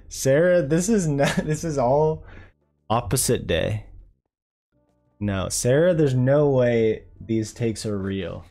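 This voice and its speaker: Laid-back streamer man, low voice. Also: warm tone. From North Carolina. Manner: laid-back, rambling, chuckling. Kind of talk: casual live-stream chat.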